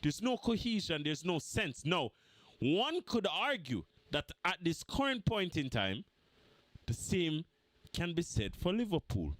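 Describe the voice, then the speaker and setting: A man's voice: on the high side, very animated, a little slow, a bit bright, no echo. A man giving a heated football fan rant, mocking and repeating his points for emphasis.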